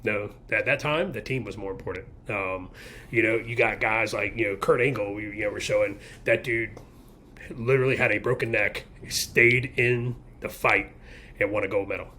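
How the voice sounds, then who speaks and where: A man holds forth on a casual podcast, blunt and rambling, leaning on filler words as he goes. His voice has a bright, forceful edge, and there is a faint hum of ambience behind him. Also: fairly low pitch, normal speed. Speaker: podcast co-host. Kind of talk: casual opinionated chat.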